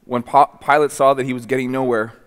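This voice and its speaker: A male pastor delivers a sermon in an earnest, searching way, doubling back on his words as he builds a thought. His voice sits at an ordinary middle pitch, and a long reverb carries it through the church hall. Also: little pitch movement, a little fast, smooth. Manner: earnest, repeats and restarts words. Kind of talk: sermon with scripture reading. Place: church sanctuary.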